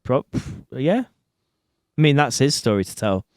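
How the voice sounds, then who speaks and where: A man co-hosts a comedy podcast with a lively, bouncing delivery and a smooth, clear voice. He teases his co-host and swears freely. The sound is dry and close to the mic. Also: mid-range voice, a little slow, dry recording. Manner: jokey, teasing, swears freely. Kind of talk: casual comedy podcast chat.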